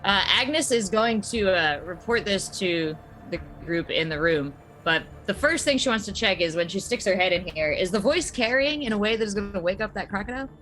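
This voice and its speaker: A woman's voice: mid-range voice, expressive, a little fast, few pauses, a bit bright. A woman playing a tabletop game, thinking aloud with many "like"s. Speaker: player. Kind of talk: tabletop role-play chat.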